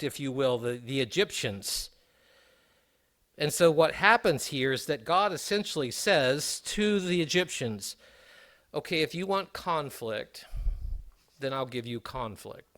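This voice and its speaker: A man's voice: fairly high pitch, fairly bright tone. A middle-aged man preaching a sermon, reading scripture aloud and adding conversational asides. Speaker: pastor.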